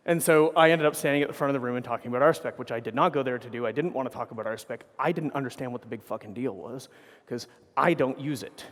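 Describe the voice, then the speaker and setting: A man's voice: mid-range voice, fast talker, a bit bright, long reverb tail. A man giving a conference keynote, telling rambling anecdotes full of swearing and self-corrections into a stage microphone. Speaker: keynote speaker.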